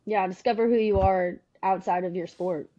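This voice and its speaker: A woman's voice: medium pitch, steady tone, moderate pace, mellow, lo-fi sound. A woman hosting a podcast, chatting casually and encouragingly with her guest. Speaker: podcast host. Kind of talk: casual interview chat.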